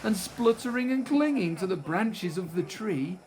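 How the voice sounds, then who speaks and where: A man reading a rhyming children's picture book aloud in an expressive, sing-song way. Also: sits high, moderate pace, very noisy. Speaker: storyteller.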